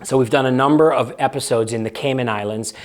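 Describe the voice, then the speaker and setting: A man hosts his own vlog, speaking at a middle pitch. He explains at an easy, conversational pace, often restarting his sentences and leaning on fillers as he thinks aloud. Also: fairly even intonation, quick pace. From United States. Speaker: vlog host. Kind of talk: casual explanatory vlog talk.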